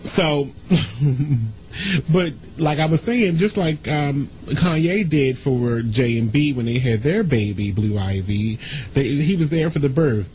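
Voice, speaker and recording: A man hosting a casual radio talk show, ranting and gossiping in an animated, indignant way. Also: medium pitch, slow, slight background noise, poor audio.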